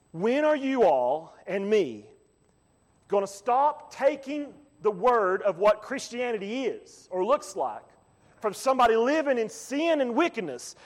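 High-voiced preacher in a reverberant hall. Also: male voice. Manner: preaching with big swings from quiet to loud. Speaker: pastor. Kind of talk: sermon.

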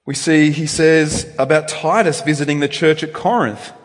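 A man preaching a sermon in a church, with animated delivery that swings between loud emphasis and quiet reflection. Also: fairly high pitch, normal speed. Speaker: pastor. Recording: long reverb in a church.

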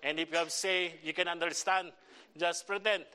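A middle-aged man with a Filipino accent preaches to a church, searching for words as he goes. His voice sits a little high and sounds bright and forward. He stops and restarts often and fills the gaps with "uh". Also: fairly even intonation, clean tone. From Philippines. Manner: halting, many fillers and restarts. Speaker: visiting pastor. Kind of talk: church sermon and prayer request.

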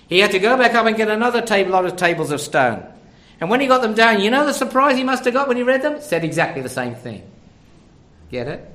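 A man's voice: sits high, a bit bright. An older man preaching a sermon, conversational and full of rhetorical questions.

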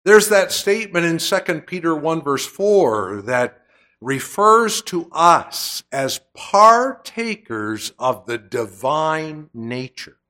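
Slow, deliberate male preacher. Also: a little high, big pitch swings, pushed and bright. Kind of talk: sermon.

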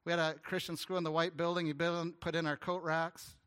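A man preaching a sermon as a guest pastor, telling an earnest story with stammered restarts and some hushed, tender moments. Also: on the high side, flat delivery, a little fast, smooth. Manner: drops to a hushed, tender voice at emotional points.

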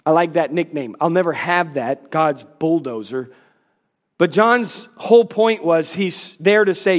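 Guy preaching a sermon, pretty high voice, emphatic and fired up. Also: expressive, a little slow, big-room sound. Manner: emphatic, acts out scripture dialogue. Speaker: pastor.

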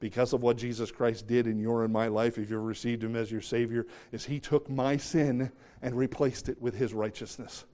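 A man's voice: medium pitch, flat delivery, normal speed, mellow. Middle-aged male preacher, earnest, emphatic sermon delivery with direct questions to listeners. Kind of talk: sermon with scripture reading.

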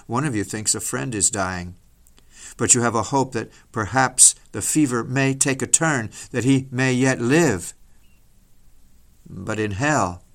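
A man preaching a solemn, dramatic sermon, mostly slow and grave with sudden rises in force. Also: mid-range voice, fairly bright tone. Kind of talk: sermon reading.

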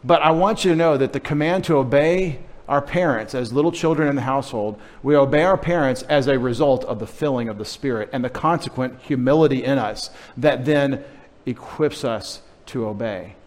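A middle-aged pastor preaching a sermon, teasing and coaxing the children in the congregation. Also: male voice, mid-range voice, moderate pace, few pauses.

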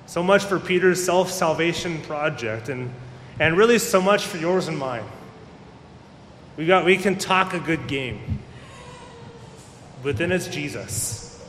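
A pastor preaches a sermon in a conversational way, acting out the voices of the people he quotes. His slightly bright voice has lively intonation and a measured pace with long pauses. The recording comes from an echoey hall with a faint rumble.

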